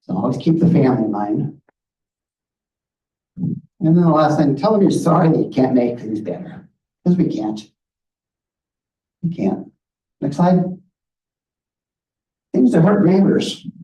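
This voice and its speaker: A man's voice: a little high, animated, unhurried, long pauses, mellow. A middle-aged man giving an earnest, direct talk with slides, often checking in with "okay?". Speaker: guest speaker on grief. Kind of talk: presentation with slides. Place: meeting room. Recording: roomy, distant, muffled room audio.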